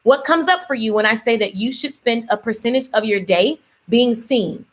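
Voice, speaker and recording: A woman business coach talking on a live stream, energetic and emphatic, repeating key lines and reading out viewer comments. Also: a little high, normal speed.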